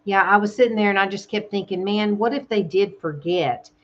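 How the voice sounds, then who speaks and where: A woman with a Southern American accent chatting casually on a live stream from her home, soft-spoken and openly emotional. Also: mid-range voice, brisk, lo-fi sound, slight background noise. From Southern United States. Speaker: ASMR channel host. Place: home in Thailand.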